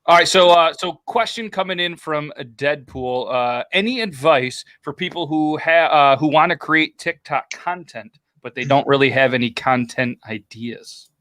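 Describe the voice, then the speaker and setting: A man's voice: fairly high pitch, moderate pace, few pauses, bright, forceful tone, no room sound. A man hosting a casual chat show, easygoing, moving the talk along with questions. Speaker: host.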